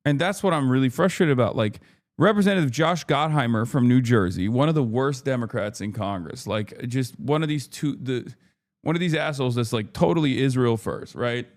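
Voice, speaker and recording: A man's voice: mid-range voice, a little fast. A man hosting a livestream, ranting in frustrated, profane political commentary. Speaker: livestream host.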